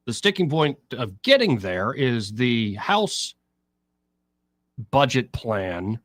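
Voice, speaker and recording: A man's voice: medium pitch, takes it slowly, no echo, studio quality. A man hosting talk radio, explaining politics and mimicking what others say. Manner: explanatory, quotes others in an animated voice. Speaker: radio talk show host.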